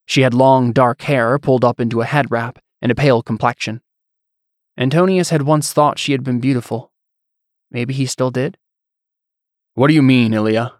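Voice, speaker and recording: A man reading fantasy fiction as narrator, in a measured storyteller's way. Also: mid-range voice, fairly even intonation, no room sound, clean studio sound.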